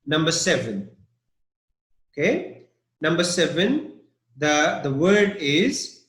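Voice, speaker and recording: A man teaching English vocabulary, slowly repeating each word over and over for his students. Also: on the high side, very animated, fairly bright tone, reverberant, rough recording. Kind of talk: online vocabulary lesson.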